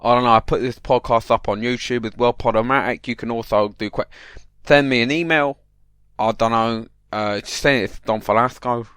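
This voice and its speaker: Man, comic podcast host, mock-paranoid rambler, smooth voice, dry close mic. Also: mid-range voice, steady tone, moderate pace, a bit bright, dry recording. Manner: addresses the listener directly. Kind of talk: mock-serious comic monologue.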